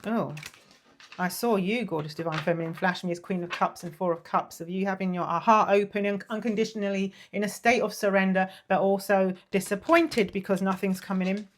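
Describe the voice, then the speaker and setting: A woman giving a casual tarot reading, chatty and apologetic, drifting into soft murmurs and breathy sighs. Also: medium pitch, fairly even intonation, a little fast, a little hiss or hum. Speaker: tarot reader.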